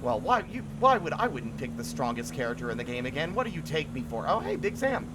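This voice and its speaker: A man's voice: medium pitch, very animated, fast. A man giving playful, rambling commentary while streaming a game, swearing and making up silly stories. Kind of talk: casual gameplay commentary. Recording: noisy with game car sounds.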